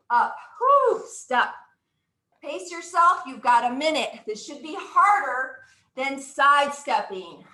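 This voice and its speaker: A woman instructor coaching a live exercise class, cheering people on with whoops and counting reps. Her voice sits high and sounds bright, and she gets audibly out of breath. It is recorded in an echoey room. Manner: upbeat, encouraging, counts out moves with whoops.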